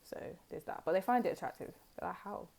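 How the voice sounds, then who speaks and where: A woman's voice: fairly low pitch, fast talker, creaky, darkish tone. A woman giving a casual pick-a-card tarot reading, chatty and rambling, with many fillers and asides.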